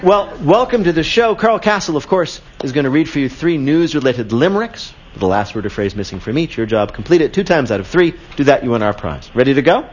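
A man's voice: fairly high pitch, expressive, brisk, few pauses, dull audio. A man hosting a live comedy news quiz on radio, joking with a caller and slipping into mock voices. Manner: jokey, mock voices for laughs. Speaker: quiz show host. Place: auditorium with live audience.

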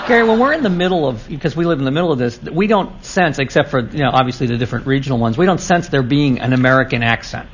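A man on a radio panel, putting a question in a quick, curious way. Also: medium pitch, animated, slightly rough, muffled recording. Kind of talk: casual chat.

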